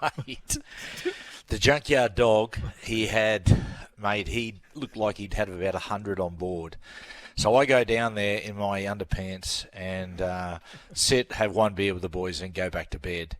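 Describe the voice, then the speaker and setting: A man's voice: on the low side, a little slow, no echo. A man, a radio guest, telling a rambling anecdote with laughs in casual chat.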